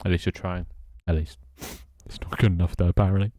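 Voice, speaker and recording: A man's voice: low voice, little pitch movement, brisk, warm tone, no echo, studio quality. A British man streaming live, muttering and swearing at his code between casual chats with his viewers. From Britain. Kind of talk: casual live-stream chat while coding.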